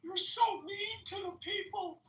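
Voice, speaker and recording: A man's voice: very high-pitched, measured pace, a bit bright, pitched above the performer's own voice. A man mockingly voicing a whiny, complaining political critic. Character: whiny adult Democrat critic, mocking caricature. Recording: roomy echo, off-mic.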